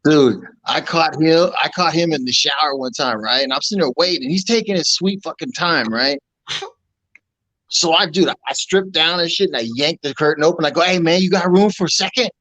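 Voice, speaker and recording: A man's voice: fairly high pitch, normal speed, bright, forceful tone, no room sound, poor audio. A man and army veteran, casually telling joking stories from his service days. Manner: laid-back, joking storyteller. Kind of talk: casual chat.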